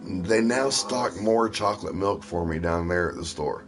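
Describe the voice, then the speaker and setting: A man's voice: low voice, normal speed, over music. A man from Ohio telling rambling personal stories in a casual, profane way. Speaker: stream host. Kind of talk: casual storytelling.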